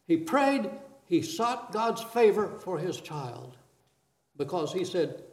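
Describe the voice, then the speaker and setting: A man's voice: high voice, animated, measured pace. A man preaching a sermon, reading scripture aloud and asking questions of his listeners.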